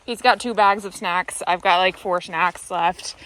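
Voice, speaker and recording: A woman's voice: on the low side, fairly even intonation, unhurried, fairly bright tone. A woman vlogging as she walks a mountain trail outdoors, talking casually and upbeat to a handheld camera and laughing easily. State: walking on trail. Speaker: hiking vlogger.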